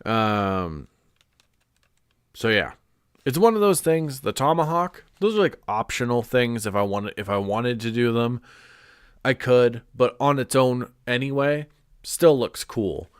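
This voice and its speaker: A man's voice: medium pitch, lively intonation, a little slow, clear, resonant tone, no room sound, clean studio sound. A man chatting casually on a live stream, congested and rambling with lots of "like" and restarts. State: stuffed up, congested.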